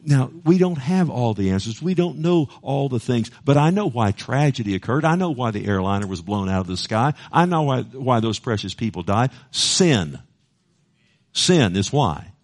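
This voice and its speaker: A man's voice: mid-range voice, big pitch swings, moderate pace. A man preaching a sermon, earnest and direct, reading scripture aloud and putting questions to his listeners. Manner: earnest, repeats words, asks the listeners questions.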